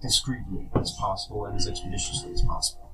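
A male player speaking in character at a tabletop game, formal and measured. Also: on the low side, fairly even intonation, over music, low-quality recording. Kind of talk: in-character tabletop role-play.

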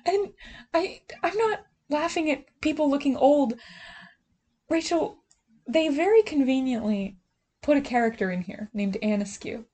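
Young woman, podcast co-host, animated, fairly high voice, laughs a lot. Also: a little slow. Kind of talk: casual chat recapping a TV show.

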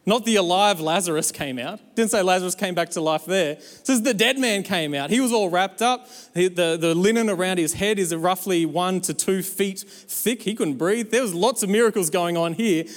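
A male pastor giving a sermon, animated and exhorting, with playful asides to the church. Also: high-pitched, normal speed, hardly any pauses, in a large hall.

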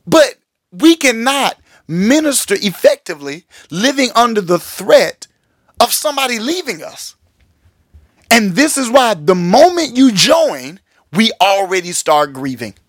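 Male pastor-host, candid storyteller, slightly high-pitched, recorded dry and close. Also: a little slow, dry recording. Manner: animated storytelling, acts out quotes, addresses listeners as y'all. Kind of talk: candid podcast monologue.

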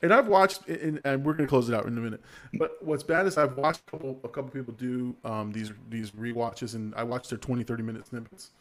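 Man in his 40s, show host, casual chat, rambling, laughs a lot, mid-pitched voice. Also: quick pace, a little hiss or hum. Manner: chatty, laughs often, rambling restarts. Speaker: podcast host.

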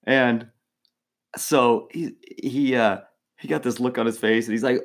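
A man co-hosting a podcast, telling a story in a casual, animated way, laughing often and full of fillers and restarts. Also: mid-range voice, measured pace. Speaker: former team mascot, podcast co-host.

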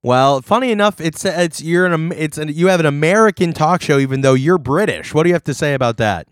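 A man's voice: on the high side, animated, a little fast, no room sound, studio quality. A man co-hosting a casual comedy chat, playful and reading out posts. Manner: playful, reads from a forum, laughs along. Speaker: podcast co-host.

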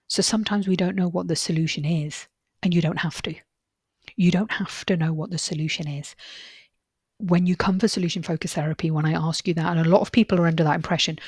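Woman therapist, podcast host; husky, breathy tone; dry close sound; earnest, reassuring delivery with repeated emphasis. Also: low voice, fairly even intonation, fast, a little mellow, no room sound. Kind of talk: podcast monologue with client anecdotes.

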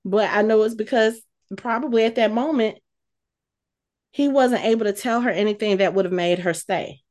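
A woman co-hosting a casual chat, retelling a scene with lively, acted-out quotes. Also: on the high side, normal speed. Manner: animated storytelling, acts out quotes. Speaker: podcast co-host recapping a TV episode.

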